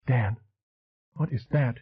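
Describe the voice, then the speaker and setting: A man's voice: mid-range voice, animated, quick pace, husky, pitched above the performer's own voice. A man voicing a tense young woman speaking in urgent, clipped lines in an audiobook. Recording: tinny phone-like audio.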